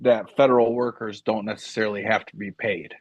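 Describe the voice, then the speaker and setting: A man's voice: lowish voice, fairly even intonation, brisk, no room sound, highs cut off. A man co-hosting a casual political talk show, rambling and exasperated. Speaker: co-host.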